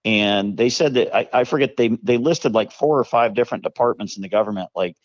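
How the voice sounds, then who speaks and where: Guy co-hosting a talk show, slow and hesitant, lots of you know, kinda muffled dry audio. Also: lowish voice, dry recording. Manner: measured, hesitant, many fillers. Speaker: co-host. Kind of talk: casual political talk.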